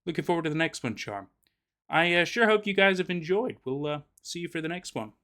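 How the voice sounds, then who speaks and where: A man reading a story game aloud and commenting casually, animated and often stumbling over his words. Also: a little high, fairly quick. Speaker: let's play narrator.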